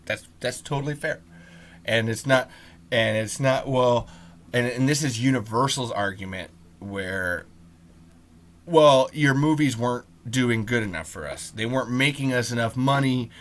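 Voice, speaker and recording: A man's voice: mid-range voice, measured pace, fairly bright tone. A man hosting a podcast alone, ranting loosely with frequent ums, restarts and swearing. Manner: rambling, profane, lots of ums and restarts. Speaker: podcast host. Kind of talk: solo podcast rant.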